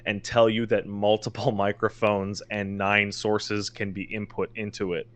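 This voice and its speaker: A man's voice: lowish voice, flat delivery, measured pace, fairly bright tone. A man co-hosting a casual podcast, telling stories animatedly, exasperated and swearing often. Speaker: podcast co-host.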